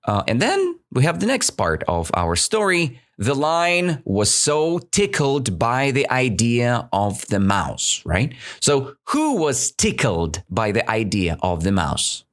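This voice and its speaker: Male podcast teacher, slow pace, lively pitch, questioning style, explains a story for learners. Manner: slow, questioning, keeps checking understanding. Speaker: English teacher, podcast host.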